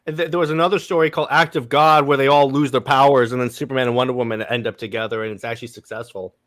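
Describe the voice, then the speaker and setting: A man hosting a casual comics discussion, animated and often restarting his phrases. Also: mid-range voice, racing, no room sound, clean studio sound. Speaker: podcast host. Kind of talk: casual chat.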